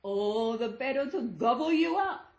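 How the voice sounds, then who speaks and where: Big bad wolf voiced by a woman, slow and sly. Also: a little high, expressive, a little mellow. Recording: echoey room.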